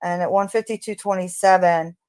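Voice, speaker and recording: A woman hosting a true crime channel, talking casually in an unhurried, hesitant way with frequent ums. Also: on the low side, steady tone, a little mellow, no echo. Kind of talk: casual spoken commentary.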